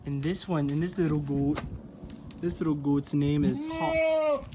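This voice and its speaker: A man's voice: fairly high pitch, animated, measured pace, background noise. A man vlogging at a ranch, chatting and cooing to goats, recorded on a phone outdoors. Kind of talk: casual vlog. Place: outdoors at a ranch by a goat pen.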